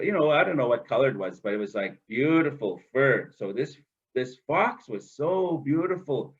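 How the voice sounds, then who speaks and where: Slow, husky male storyteller. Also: fairly high pitch, muffled recording. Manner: conversational, with chanted song lines and many tag questions. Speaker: oral storyteller. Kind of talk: telling a folktale to students. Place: school.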